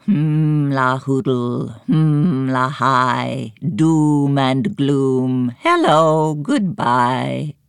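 A woman voicing a crooked old female fortune-teller, croaking and shrill, in a storybook reading. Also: sing-song, slow, dry recording, clean studio sound, full character voice. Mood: murmured chant.

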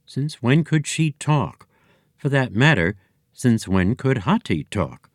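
A man reading a children's story aloud as narrator, with expressive storytelling. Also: mid-range voice, slow pace, dry recording, clean studio sound. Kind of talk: audiobook narration.

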